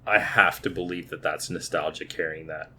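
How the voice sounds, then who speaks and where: A man's voice: a bass voice, steady tone, moderate pace, pushed and bright, slightly rough. A man in his thirties co-hosting a podcast, chatting casually and restarting his words as he thinks. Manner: talkative, repeats words while thinking. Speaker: podcast co-host. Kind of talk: casual movie review chat.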